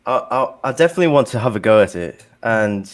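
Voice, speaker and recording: A man's voice: on the low side, animated, fast talker. A British man as a podcast guest, modest and a little nervous, hesitating with fillers. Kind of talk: casual chat.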